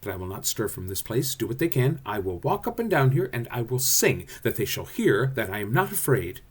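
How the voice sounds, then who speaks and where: Guy doing a loud jumpy scared weaver, bragging he's not afraid, voice leaping high. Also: very animated, a little fast, slightly rough. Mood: blustering. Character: boastful, scared male weaver with a donkey head.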